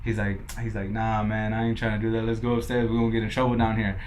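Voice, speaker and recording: A man's voice: fairly low pitch, completely flat delivery, fast, heavy background noise. A young man from Los Angeles, a podcast guest who tells his story casually, swearing often and acting out what others said. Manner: laid-back, swears a lot, quotes others in dialogue.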